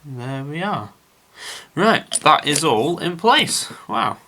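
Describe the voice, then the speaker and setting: Bright-voiced man narrating a model build. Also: a little high, very animated, slow pace. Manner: chatty, rambling with frequent "um", addresses viewers as guys. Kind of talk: casual build vlog narration.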